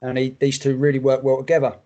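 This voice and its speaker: A man, co-hosting a casual music podcast in a relaxed, rambling way with casual swearing. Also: medium pitch, quick pace, highs cut off. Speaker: podcast co-host. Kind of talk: casual chat about music.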